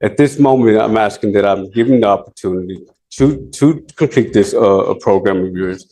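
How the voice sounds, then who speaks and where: A man speaking as a defendant in a courtroom, pleading his case in halting, rambling sentences full of restarts. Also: lowish voice, dark tone.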